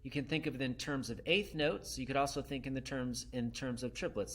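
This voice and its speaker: A man's voice: mid-range voice, fairly quick, hardly any pauses, soft background music. A man teaching a saxophone lesson to beginners. He counts his students in and calls out whose turn it is. He sings short syllables to demonstrate each exercise. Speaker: music teacher.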